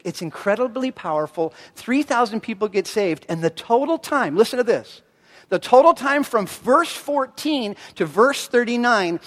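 A middle-aged man preaching a sermon as a pastor, telling stories with animated delivery and acting out the voices of the people he quotes. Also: high-pitched. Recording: long reverb of a large hall.

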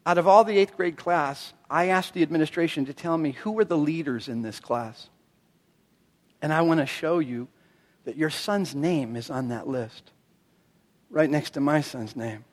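A middle-aged man preaching a sermon as a pastor, telling stories with animated delivery and acting out the voices of the people he quotes. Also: a little high, normal speed. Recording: long reverb of a large hall.

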